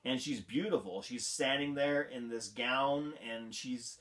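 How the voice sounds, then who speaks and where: A man's voice: medium pitch, a little slow, a bit bright. A man hosting a vlog, giving a casual movie review in an amused, incredulous manner and laughing often. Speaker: vlog host.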